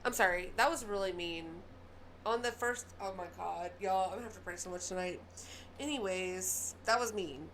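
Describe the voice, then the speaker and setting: A woman with a Southern US accent hosting casual news commentary, ranting heatedly and then quickly apologizing. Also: mid-range voice, lively intonation, fairly bright tone, slight background noise.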